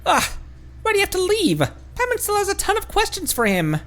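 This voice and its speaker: A man putting on a tiny female companion voice, squeaky high, whiny, dramatic. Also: wildly swooping pitch, fairly quick, fairly bright tone, exaggerated voice.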